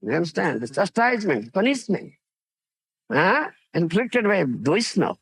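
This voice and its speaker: A man's voice: high-pitched, very animated, moderate pace, a bit bright, husky. A man gives an informal scripture lecture as a spiritual teacher. He tells stories and keeps asking whether the listeners follow him. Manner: storytelling, checks understanding often.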